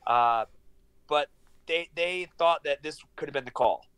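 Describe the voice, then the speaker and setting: A man's voice: a little high, unhurried, clear, resonant tone. Profane man in his thirties, video call. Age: 30s. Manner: animated, profane, acts out dialogue. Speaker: guest, professional fighter. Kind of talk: casual storytelling interview. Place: small studio apartment.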